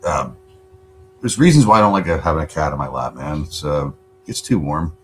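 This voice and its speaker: A man hosting a casual livestream from home, rambling and swearing a lot in relaxed chat. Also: rumbling low, moderate pace, slight background noise. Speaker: livestream host.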